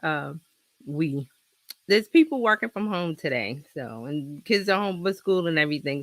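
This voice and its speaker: On a dry recording, a woman with a low-pitched, lively voice speaks at a moderate pace while hosting a casual livestream from her home office, using a laptop with an external mic. She's chatty and rambling, laughs often, and has a slight cold in her throat.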